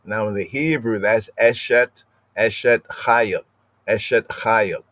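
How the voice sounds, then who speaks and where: A man's voice: lowish voice, slow, fairly bright tone. A man hosting a streamed scripture study, explaining at length, repeating words and often tagging "right?". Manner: lingers over word pronunciations. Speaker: podcast host teaching scripture.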